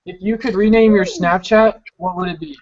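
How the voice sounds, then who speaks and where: A man as a guest on a casual show, asking a teasing question in a relaxed way. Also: high voice, normal speed, dull audio. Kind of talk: casual chat.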